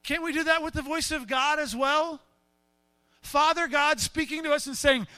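A man preaching with a strikingly high, bright voice, animated and quick to act out quotes in other voices. The sound is close and dry with no room echo. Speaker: pastor. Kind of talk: sermon.

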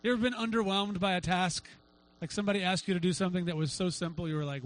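A middle-aged male pastor preaching a sermon, telling a story with lively acted-out quotes. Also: high voice, rapid-fire, low-quality recording. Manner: animated storytelling, acts out quotes.

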